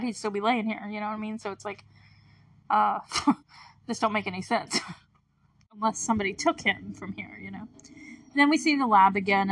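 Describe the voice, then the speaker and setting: A woman's voice: mid-range voice, a bit bright. A woman hosting a podcast, recapping a TV episode in a casual, chatty way with lots of fillers and frequent laughs between remarks. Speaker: podcast host.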